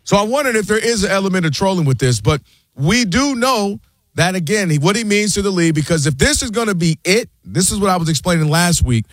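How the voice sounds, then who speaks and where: Man, high voice, dry close sound, argumentative sports host. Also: quick pace, no room sound. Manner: animated, argumentative, quotes people in put-on voices. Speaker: sports talk show host. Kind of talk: sports debate talk.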